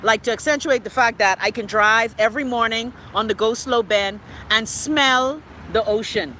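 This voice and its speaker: A Bahamian woman hosting a live stream, reading viewers' comments and ranting loudly and profanely. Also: a little high, normal speed, a little hiss or hum. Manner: loud, profane, exclaiming ranting. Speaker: livestream host.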